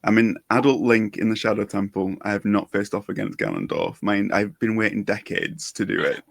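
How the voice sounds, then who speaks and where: A man hosting a podcast, enthusiastic and quick to laugh loudly in casual chat. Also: fairly low pitch, expressive, creaky, no room sound, clean studio sound. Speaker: podcast host.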